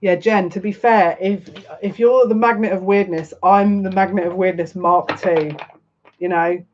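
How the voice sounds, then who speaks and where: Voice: medium pitch, steady tone, unhurried, lo-fi sound, a little hiss or hum. Chatty, laughing psychic tarot reader. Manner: chatty and rambling, often laughing and repeating phrases. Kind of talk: live tarot reading, chatting with viewers.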